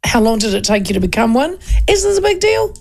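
A woman's voice: a little high, big pitch swings, quick pace. A woman hosting a radio talk show, chatting casually and laughing often.

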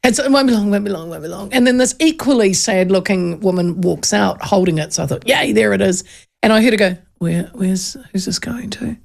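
A New Zealand woman hosting a radio show, telling a lively anecdote and acting out the people in it. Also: mid-range voice, fairly quick, creaky. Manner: lively, animated, acts out voices in anecdotes. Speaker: radio host. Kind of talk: chatty radio storytelling.

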